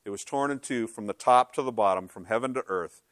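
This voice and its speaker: A man's voice: on the low side, a little fast, a bit bright, dry recording, clean studio sound. A male pastor preaching a sermon in a conversational, emphatic way, with frequent rhetorical questions.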